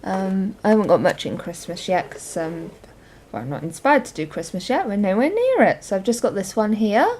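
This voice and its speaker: A woman's voice: medium pitch, sing-song, moderate pace, a little mellow. A young woman chatting casually through a show-and-tell of her journal and crafts, rambling with lots of ums. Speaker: crafting vlogger.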